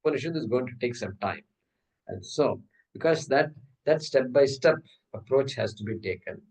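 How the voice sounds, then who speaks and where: A man's voice: medium pitch, animated, moderate pace, a little mellow, far from the mic, poor audio. A man teaching a scripture class, explaining step by step with rhetorical questions and chanting Sanskrit terms. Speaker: Vedanta teacher. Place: class hall.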